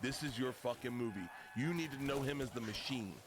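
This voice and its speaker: A man guest on a podcast, telling comic stories loudly, swearing freely and laughing often. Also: medium pitch, brisk, noisy background. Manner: loud, profane comic storytelling full of laughter. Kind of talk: casual podcast chat.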